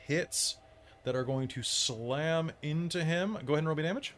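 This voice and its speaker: A woman running a tabletop game as game master, narrating combat in vivid, measured detail. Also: deep voice.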